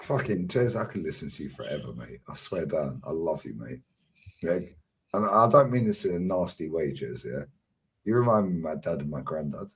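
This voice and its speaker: A man's voice: very deep voice, big pitch swings, normal speed. A man in casual fan chat, swearing freely and laughing often. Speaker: fan channel co-host.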